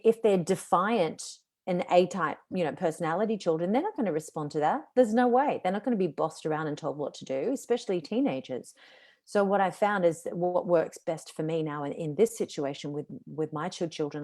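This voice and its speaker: A woman's voice: lowish voice, darkish tone. A woman in her forties, a voice coach and guest, speaking confidently and emphatically in a casual live video chat.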